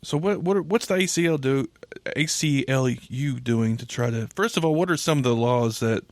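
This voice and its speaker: A man's voice: medium pitch, moderate pace, no room sound. A man hosting a podcast, talking casually with a wry, teasing manner. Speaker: podcast host.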